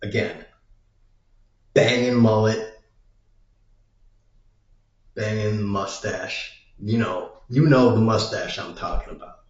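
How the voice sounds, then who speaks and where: A man's voice: fairly low pitch, steady tone, takes it slowly, pauses often. A man rambling in a crude, meandering monologue, swearing often. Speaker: vlogger. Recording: roomy, dull lo-fi sound.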